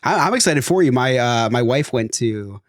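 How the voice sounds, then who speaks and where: A man's voice: medium pitch, animated, normal speed, no echo, studio quality. A middle-aged man co-hosting a podcast, cracking jokes and laughing through his own punchlines in casual chat. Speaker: podcast co-host. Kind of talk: casual chat and comedic episode recap.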